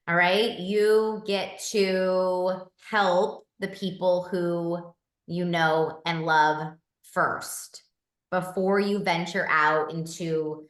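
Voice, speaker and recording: A woman from Southern California hosting a group video call, enthusiastic and encouraging, talking in quick bursts. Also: on the low side, fairly bright tone, roomy sound.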